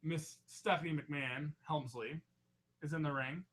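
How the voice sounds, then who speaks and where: A man hosts a casual wrestling podcast with a bright, ringing voice pitched a little above the usual for men. He talks loudly and jokes around, dropping swear words as he recaps matches. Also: steady tone, unhurried. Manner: loud, joking, swears freely. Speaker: podcast host.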